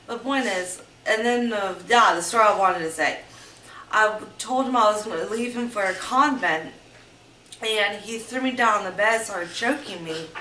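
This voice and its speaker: A woman's voice: medium pitch, sharp tone. A woman telling personal stories in a vlog, rambling and meandering, often restarting her sentences. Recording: roomy echo, mic at a distance, faint background noise.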